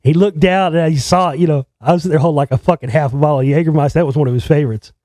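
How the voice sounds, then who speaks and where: A man's voice: on the high side, racing, mellow, dry recording. Profane rambling storyteller man. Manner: profane, rambling, with many restarts. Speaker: filmmaker telling a story. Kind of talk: casual storytelling.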